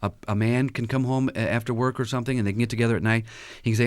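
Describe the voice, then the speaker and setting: A man's voice: mid-range voice, very fast, dry recording. A man appearing as a guest counselor on a radio talk show, telling stories with animation and acting out the quotes. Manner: animated storyteller who acts out quotes.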